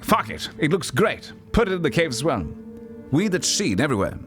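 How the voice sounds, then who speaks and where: Man as a brash, profane boss in a raised pitch, emphatic. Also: very animated, fairly quick, fairly bright tone, soft background music.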